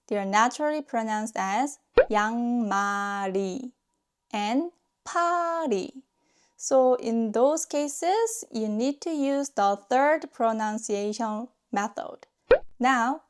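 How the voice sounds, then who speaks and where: A woman with a Korean accent, a native Korean speaker, teaching a pronunciation lesson patiently and repeating example words slowly. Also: fairly high pitch, clean tone. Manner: patient, demonstrates sounds with slow repeated drills.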